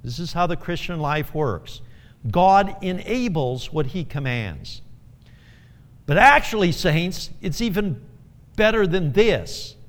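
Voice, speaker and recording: A high-voiced man preaches in an unhurried, earnest way, circling back to repeat his key phrases and letting small chuckles slip in. His voice rings out with a long reverb around a church sanctuary. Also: lively intonation. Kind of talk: sermon.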